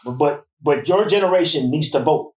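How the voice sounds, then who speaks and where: A woman's voice: deep voice, moderate pace, a little mellow. A middle-aged woman talking earnestly in a casual discussion, often repeating her words as she makes a point. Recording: roomy, distant mic.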